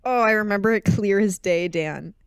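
A woman co-hosting a podcast over a remote call, quick to react with sarcastic, playful teasing. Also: medium pitch, clean tone, no room sound. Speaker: podcast co-host. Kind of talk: casual chat. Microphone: remote call mic.

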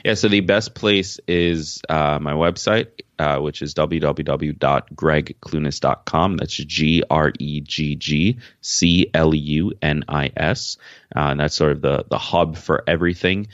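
A man's voice: very deep voice, fairly even intonation, unhurried, no room sound, highs cut off. A man from Jamaica, a podcast guest, answering questions in a frank, easygoing way. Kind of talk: casual interview answers.

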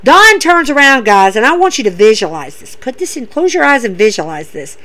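A woman hosting a casual wrestling recap, gushing and excitable, talking straight to her listeners. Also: on the high side, brisk.

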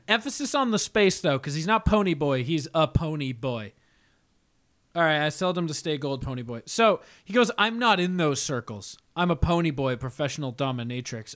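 Animated, swearing man telling a story. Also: on the high side. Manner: animated storyteller, swears a lot, laughs often. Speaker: podcast co-host. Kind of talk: casual podcast banter.

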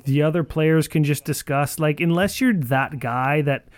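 A man's voice: on the high side, moderate pace, no room sound. A man co-hosting a casual podcast, rambling in a sardonic, profane way with lots of "like" fillers. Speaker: podcast co-host. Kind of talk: casual card game chat.

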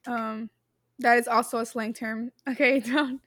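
A woman's voice: a little high, level tone, measured pace, a bit bright, no echo, clean studio sound. A woman co-hosting a podcast and reading out quiz questions in casual chat, giggly and chatty, often laughing. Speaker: podcast co-host running a quiz.

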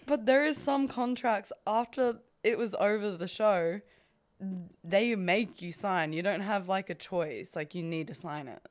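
A woman's voice: medium pitch, a little slow. A young woman hosting a podcast in casual chat, talking freely with lots of "like" fillers. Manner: chatty, many "like" fillers. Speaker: podcast host.

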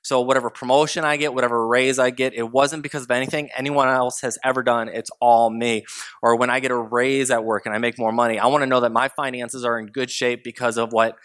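A young adult man from the United States, a father, preaching a sermon in a relaxed, conversational storytelling way, mimicking his toddlers now and then. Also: mid-range voice, quick pace, clean tone.

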